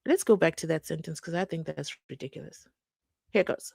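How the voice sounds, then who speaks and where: A woman commenting on a court case, indignant and sarcastic, dropping to whispers and then flaring up. Her voice sits at a middle pitch, recorded dry and close. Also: animated, normal speed, no echo. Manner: indignant, sarcastic, shifts between whispers and outbursts. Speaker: true crime commentator. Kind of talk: animated court recap commentary.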